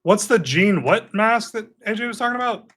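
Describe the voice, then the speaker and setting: A man's voice: sits high, animated, fairly quick, a bit bright. A man co-hosting a podcast, bantering with crude teasing jokes. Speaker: podcast co-host. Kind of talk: casual chat.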